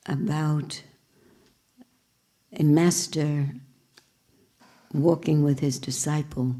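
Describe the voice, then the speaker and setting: A woman teacher gives a spiritual talk, slow and reflective. Her voice is low and gravelly, with a dark, mellow tone, and she speaks in earnest, unhurried phrases.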